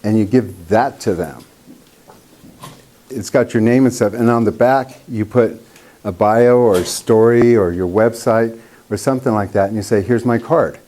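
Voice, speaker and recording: A man's voice: fairly low pitch, normal speed, mellow. A man teaching a group of painters in a casual workshop, a chatty storyteller who acts out the voices of people he quotes. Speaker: painting instructor.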